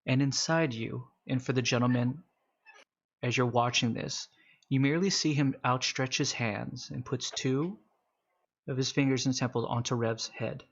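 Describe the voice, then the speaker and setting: A man running a tabletop game as game master, narrating casually with fillers and slowing down for calm scenes. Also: medium pitch, gravelly, slightly rough, lo-fi sound.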